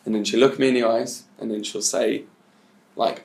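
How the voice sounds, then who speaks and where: A man's voice: lowish voice, fairly quick. Man telling a coaching story, echoey room. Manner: animated storytelling, acting out both sides of a chat. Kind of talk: teaching a bootcamp session.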